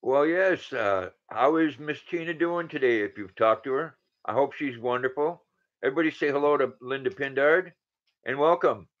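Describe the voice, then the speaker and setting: A man in his sixties hosts a casual livestream, greeting viewers by name and reading their comments out loud. His mid-range voice moves at a moderate pace, and the lo-fi recording sounds dull.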